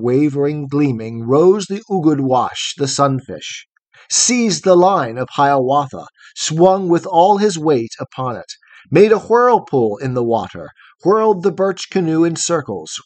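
A man's voice: a little high, a little mellow, dry recording. Man reciting rhythmic poetry, dry. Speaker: narrator. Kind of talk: scripted poetry reading.

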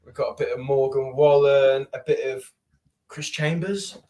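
A man's voice: medium pitch, fairly even intonation, normal speed, a crowd in the background. A man with a British accent, a podcast guest in casual chat who rattles off long lists and giggles through his stories. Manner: lists things loosely, giggly when telling stories. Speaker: podcast guest, racing driver.

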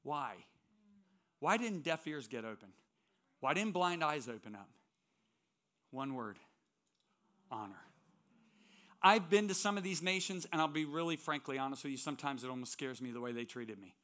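A man's voice: a little high, expressive, moderate pace, pauses often, sharp tone. A man preaching as a guest speaker in a church, telling stories with strong emphasis. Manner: storytelling, emphatic. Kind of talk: sermon with personal stories.

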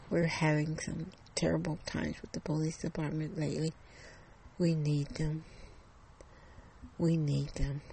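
A terrified mother with grown daughters, as a storyteller puts her on, crying out for help and then pleading in earnest. Her voice is gravelly and worn, set at a middling pitch. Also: dark tone, slight background noise, poor audio. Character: frightened mother with grown daughters, dreaming of an intruder.

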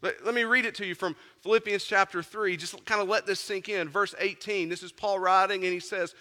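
A man preaching a sermon as pastor, conversational, moving between loud emphasis and hushed, intense moments. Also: high-pitched, steady tone, brisk, few pauses, big-room sound.

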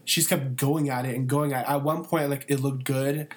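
A man's voice: mid-range voice, fairly even intonation, a little fast. A young man, a college student, chatting casually and telling rambling stories with lots of fillers and crude jokes. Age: young adult. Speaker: college student and photography intern. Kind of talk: casual podcast chat.

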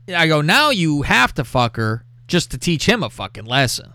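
A man hosting a casual show, telling a crude story in a lively, profane way and reading out text messages. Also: a little high, moderate pace, dry recording. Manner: animated, profane, reads out texts with laughter. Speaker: podcast host.

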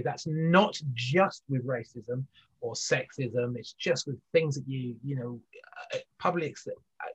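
Husky man, rambling and muffled. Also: medium pitch. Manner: rambling, many restarts and fillers. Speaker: guest, business leader. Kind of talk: conversational interview.

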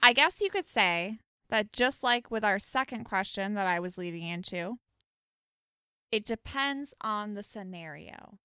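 Opinionated young woman, bright and crisp. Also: medium pitch, unhurried, dry recording, clean studio sound. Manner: opinionated, animated food debating. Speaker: podcast co-host. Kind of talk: casual chat.

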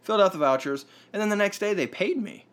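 A man's voice: sits high, expressive, fast talker, fairly bright tone. A man telling a long story in casual chat, rambling with fillers and restarts.

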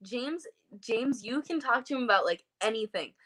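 A woman hosting a casual chat, encouraging her guest with quick agreement. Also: fairly high pitch, expressive, fairly bright tone. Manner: encouraging listener with short backchannels.

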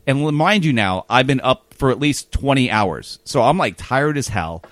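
A man's voice: mid-range voice, animated, a bit bright, no room sound. A man telling a rambling, self-deprecating travel story in a casual podcast chat. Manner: rambling, self-deprecating, quick anecdotal delivery.

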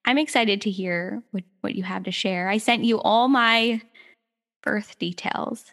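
A woman's voice: mid-range voice, unhurried, a bit bright. A woman hosting a podcast in casual conversation, upbeat and laughing easily. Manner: upbeat, laughs often, chatty. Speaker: podcast host.

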